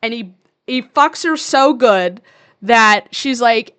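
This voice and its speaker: A woman's voice: a little high, lively intonation, takes it slowly, fairly bright tone, smooth. A young woman in her twenties co-hosting a podcast, recapping a movie in a crude, sarcastic rant full of swearing. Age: 20s. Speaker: podcast co-host. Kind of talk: casual ranting movie recap.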